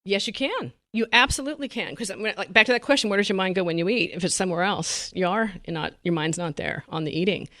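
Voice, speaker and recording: A middle-aged woman dietitian in a podcast interview, talking in an animated way, often laughing and acting out what her patients said. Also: medium pitch, fast, hardly any pauses, no echo, clean studio sound. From United States. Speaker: dietitian guest.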